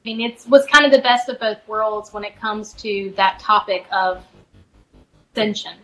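A middle-aged woman, a spiritual advisor guest, softly and reflectively telling a personal story in a podcast interview, with many fillers and restarts. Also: medium pitch, normal speed, rough recording.

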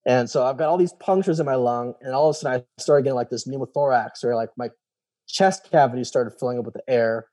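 Young guy rambling through his story, keeps going "he's like", soft dark voice. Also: mid-range voice, quick pace, dry recording. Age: young adult. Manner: loose, rambling, retells dialogue with "he's like". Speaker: guest telling his story. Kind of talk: casual storytelling.

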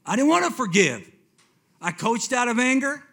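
A man's voice: extremely high pitch, normal speed, breathy edge. Man in his fifties giving testimony. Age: 50s. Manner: swings between hushed and excited, repeats himself. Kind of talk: personal testimony sermon.

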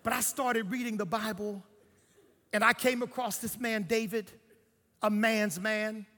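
An older man preaching a sermon, telling his story and swinging between hushed lines and shouts. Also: sits high, fairly even intonation, unhurried, long reverb tail.

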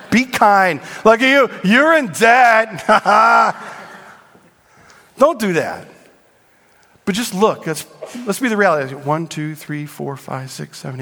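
A middle-aged male pastor preaching to his congregation, animated and joking with the crowd. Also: a little high. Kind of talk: sermon. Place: church sanctuary. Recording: long reverb in a large hall.

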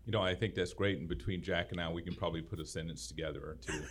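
A male co-host with a notably deep voice chats casually. He tells his stories with energy and often laughs through them. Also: rapid-fire. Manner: animated storyteller, laughs through anecdotes. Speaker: podcast co-host. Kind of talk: casual interview chat.

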